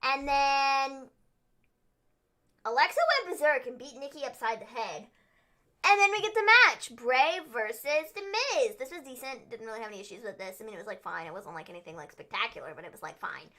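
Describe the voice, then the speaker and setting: A young woman co-hosts a casual livestream recap. She talks chattily, with plenty of fillers and little acted-out voices. Her tone is bright and sits a bit high. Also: a little fast. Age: young adult. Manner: chatty, filler-heavy, acts out quotes in silly voices. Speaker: wrestling show co-host.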